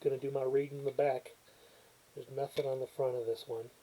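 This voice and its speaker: Mellow, husky-voiced rambling man. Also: mid-range voice, level tone, a little fast, poor audio. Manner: rambling, self-deprecating, frequent restarts and stumbles. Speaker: movie reviewer. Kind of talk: casual rambling chat and reading a cover blurb aloud. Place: home, sitting with a laptop on his lap. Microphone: built-in webcam or laptop mic, new mic not set up.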